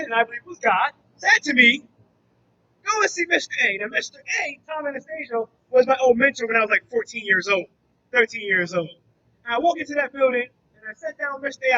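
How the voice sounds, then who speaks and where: A man's voice: very high voice, bright, forceful tone, lo-fi sound. A man, a former drug trafficker turned youth mentor, telling his personal testimony to a church audience and acting out the dialogue as he goes. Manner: earnest storytelling that acts out dialogue.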